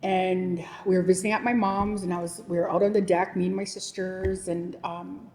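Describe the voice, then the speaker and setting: A woman in her forties telling a heartfelt personal story in a teaching session, halting and restarting as she speaks. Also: fairly low pitch, little pitch movement, a little mellow. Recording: long hall reverb.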